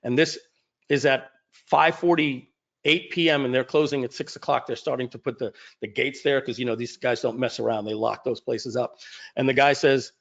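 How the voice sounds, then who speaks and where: A man's voice: mid-range voice, normal speed, vocal fry. A man telling a personal story to his audience as an event speaker and host, acting out the dialogue as he goes. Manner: animated storyteller who acts out dialogue. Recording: dull lo-fi audio.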